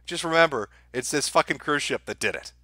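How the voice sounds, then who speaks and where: A man hosts a live stream and addresses his chat directly in a sarcastic, crude, profanity-laced commentary. His voice is forceful and bright at a middling pitch. The recording is dry, with no room sound around him. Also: animated, fairly quick, no room sound.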